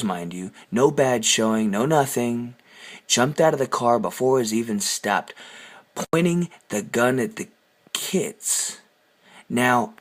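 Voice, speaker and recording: A man telling a story on his vlog in a heated, sarcastic rant full of swearing. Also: fairly low pitch. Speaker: vlogger. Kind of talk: angry ranting storytelling.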